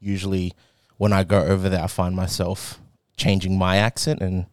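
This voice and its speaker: Low-voiced man, dry close sound. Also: monotone, moderate pace, smooth, no echo. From Australia. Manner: rambling, laughing, acts out quoted voices. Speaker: podcast co-host. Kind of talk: casual chat.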